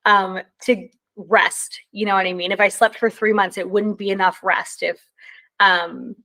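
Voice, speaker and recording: A woman's voice: mid-range voice, flat delivery, moderate pace, sharp tone. Casual woman talking with many ums. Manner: conversational, many ums and likes; yawning. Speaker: presenter. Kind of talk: casual talk.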